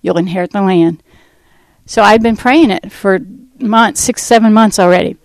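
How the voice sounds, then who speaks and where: A woman from the United States telling her life testimony, acting out the dialogue in lively fashion. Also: mid-range voice, moderate pace, dry recording, poor audio. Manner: animated storyteller acting out dialogue. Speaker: ministry founder giving testimony. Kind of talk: personal testimony talk.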